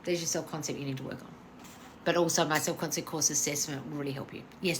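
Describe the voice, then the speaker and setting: A woman's voice: deep voice, fairly even intonation, quick pace, slight background noise. A middle-aged woman hosting a live question-and-answer stream, speaking bluntly with frequent swearing and calling viewers darling. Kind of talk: casual live Q&A chat.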